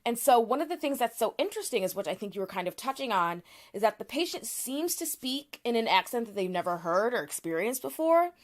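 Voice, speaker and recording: A woman's voice: on the high side, sing-song, brisk, hardly any pauses. A woman co-hosting a podcast, explaining a topic in casual chat with frequent restarts and fillers. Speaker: podcast co-host.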